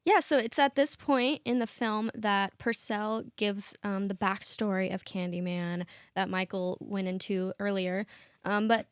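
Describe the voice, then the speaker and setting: A woman co-hosting a podcast in casual chat, animated and often laughing. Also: medium pitch, a little slow, smooth, no echo, clean studio sound. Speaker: podcast co-host.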